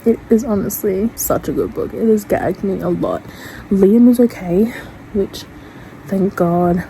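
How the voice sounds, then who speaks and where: A young woman in a casual reading vlog, chatty and expressive, talking straight to her viewers. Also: medium pitch, measured pace, a little hiss or hum, poor audio. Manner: chatty, expressive, swings into loud distressed reactions. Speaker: book vlogger.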